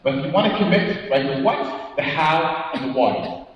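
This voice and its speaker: A man's voice: a little high, animated, moderate pace. A male motivational speaker gives an interactive conference talk, quizzing the audience, tagging on "right?" and acting out anecdotes with quoted dialogue. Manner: engaging, keeps asking the audience questions and tagging "right?". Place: large conference hall. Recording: echoey hall from far off, dull sound.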